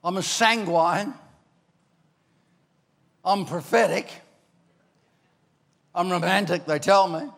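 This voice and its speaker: An older man from Ireland, preaching a sermon as a pastor, telling stories with animated bursts into shouting. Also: high-pitched, takes it slowly, vocal fry, long pauses. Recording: long hall reverb.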